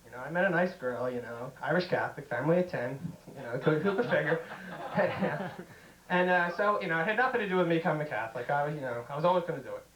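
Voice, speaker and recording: A man's voice: a little high, quick pace, echoey room, crowd noise, low-quality recording. A man doing a stand-up comedy routine, telling jokey stories and acting out bits in raised voices. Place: comedy stage.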